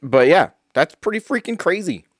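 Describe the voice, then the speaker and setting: A man's voice: sits high, big pitch swings, moderate pace, breathy edge, no echo, studio quality. Casual man talking. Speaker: podcast co-host. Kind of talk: casual comedic chat.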